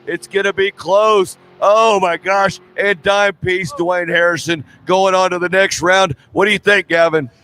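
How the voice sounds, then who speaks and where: A man calling drag races as announcer, brisk and excited, at an outdoor drag strip. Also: sits high. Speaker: race announcer. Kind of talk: drag race commentary.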